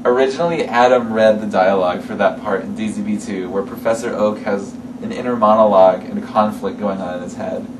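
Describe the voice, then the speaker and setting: A low-voiced man muses aloud about making his fan film, talking easily with filler words along the way. The room around him is echoey, he sits away from the mic, and an air conditioner hums clearly behind. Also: steady tone, brisk, few pauses, far from the mic, noisy background. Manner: chatty, thinking aloud with fillers. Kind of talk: casual chat.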